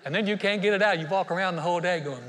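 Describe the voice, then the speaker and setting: A middle-aged man preaching a sermon as pastor, humorous and animated, telling stories with playful asides. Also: sits high, racing, in a large hall, a little hiss or hum.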